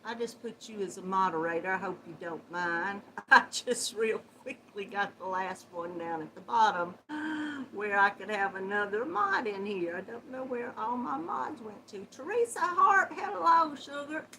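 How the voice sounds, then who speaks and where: At normal speed and in an animated mid-range voice, a middle-aged woman hosts a relaxed livestream with a little hiss or hum in the audio. She has a runny nose, laughs frequently, and chats warmly, greeting viewers with Southern endearments.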